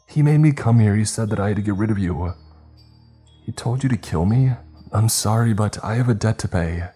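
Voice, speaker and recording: A watery-eyed, frightened young man pleads in a pitched-up, strained voice, as a deep-voiced male narrator puts him on. He whines and apologizes. It is a horror story read aloud, with a husky, dark edge under the voice. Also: normal speed, soft background music. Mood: pleading. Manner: begging, whimpering, apologetic.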